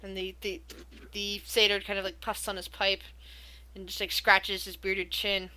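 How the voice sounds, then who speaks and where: A woman's voice: mid-range voice, level tone, normal speed, bright, forceful tone. A woman narrating a tabletop game as game master, casual and laughing often.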